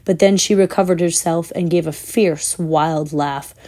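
A woman reading a children's fantasy book aloud in a measured, expressive way, with the odd slip. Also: sits low. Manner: measured, expressive, with small slips. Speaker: storyteller.

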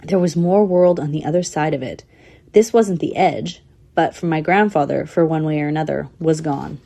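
A woman's voice: low voice, moderate pace, creaky, dark tone. A woman voicing a young female squirrel telling her story in a matter-of-fact, thoughtful way. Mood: earnest.

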